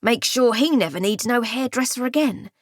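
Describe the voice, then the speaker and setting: A woman voicing a rough, armed male thief who barks orders in a loud, coarse way. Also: on the high side, lively intonation, moderate pace, no room sound, studio quality. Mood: callous.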